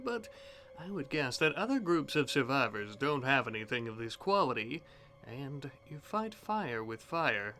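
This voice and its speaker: Man, let's play host, theatrical role-played commentary, slow taunting delivery, bright tense tone. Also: medium pitch.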